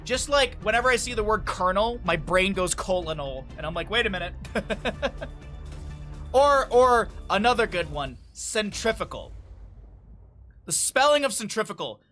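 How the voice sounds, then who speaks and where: A young man giving solo esports commentary, chatty, jumping from banter to excited play-by-play. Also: sits high, moderate pace, long pauses, soft background music. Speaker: esports caster.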